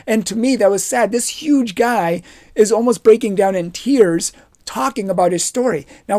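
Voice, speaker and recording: A man giving a youth retreat talk, telling personal stories with lively energy and acting out the dialogue. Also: high-pitched. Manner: animated storytelling, acts out dialogue. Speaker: confirmation retreat speaker.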